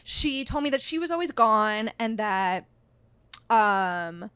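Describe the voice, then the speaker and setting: A woman in her thirties, a podcast guest, telling a dating story in an animated, chatty way full of "like". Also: on the high side, slow, clean tone, no echo. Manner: chatty, heavy use of "like", animated retelling. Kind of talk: casual storytelling chat.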